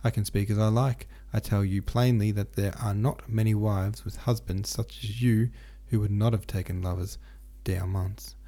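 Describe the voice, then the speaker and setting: A man's voice: fairly low pitch, fairly even intonation, normal speed, hardly any pauses, lightly acted. A man voicing a haughty, contemptuous noblewoman who speaks scornfully to her husband in a storybook reading. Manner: scornful, sharp-tongued.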